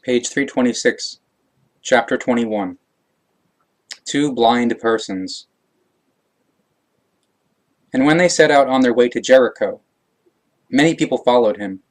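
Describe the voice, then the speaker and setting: A man reading passages of a scripture aloud, slow, measured and solemn. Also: medium pitch. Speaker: reader.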